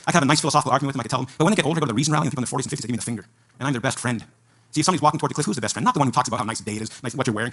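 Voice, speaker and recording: A man giving a fervent debate speech to an audience at a live event, preaching in rapid-fire bursts. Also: medium pitch, fairly bright tone.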